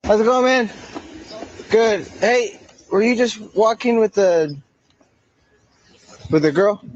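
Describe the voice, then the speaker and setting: A man's voice: high-pitched, expressive, takes it slowly, no room sound, lo-fi sound. A man working as a police officer, questioning someone during a stop and insistently repeating himself.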